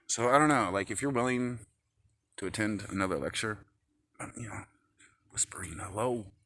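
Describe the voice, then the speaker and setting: A man with a low voice and a sharp, pressed edge to it. He rambles in an irritated, profanity-laced monologue recorded on his phone, jumping between complaints. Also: normal speed. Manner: agitated, profane ranting. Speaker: vlogger.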